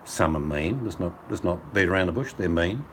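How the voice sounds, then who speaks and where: This time his deep voice is brisk and lively, with a fairly bright tone and a slight hiss or hum in the background. The older Aussie chats casually in rambling, laid-back banter during a phone video hangout over mobile data, at home by the fire.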